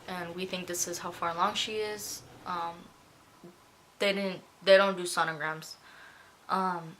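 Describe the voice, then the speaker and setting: Bright-voiced young woman, tearful storytelling. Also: on the low side, slight background noise. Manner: emotional, tearful retelling. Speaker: vlogger. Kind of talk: casual storytelling vlog.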